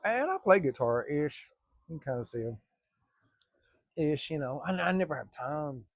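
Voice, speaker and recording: A middle-aged man with a gravelly, fry-edged drawl talks in an easygoing, rambling way. His folksy storytelling sounds close and dry. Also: a little high, lively intonation, moderate pace, no echo. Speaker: vlogger. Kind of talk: casual storytelling. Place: workplace, early morning.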